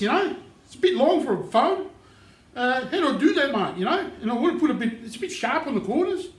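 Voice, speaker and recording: Cocky man with a lively voice. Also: very high-pitched. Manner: cocky, joking, slangy. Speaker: novice woodworker apprentice. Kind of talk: comic workshop banter. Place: workshop shed. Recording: roomy echo.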